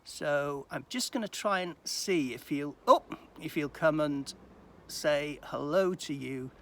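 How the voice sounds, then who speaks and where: A man, a church minister, giving a gentle, animated children's talk at home. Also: on the high side, takes it slowly.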